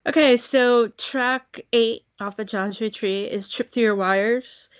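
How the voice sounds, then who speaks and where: A woman's voice: on the high side, steady tone, takes it slowly, soft background music. A woman co-hosting a fan podcast, chatting casually and animatedly, swearing and laughing often. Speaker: podcast co-host. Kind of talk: casual chat.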